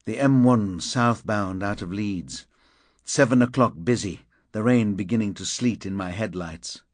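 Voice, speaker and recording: A man's voice: fairly low pitch, measured pace, dry recording. A man narrating a crime novel in the first person, in clipped, fragmentary phrases. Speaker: audiobook narrator.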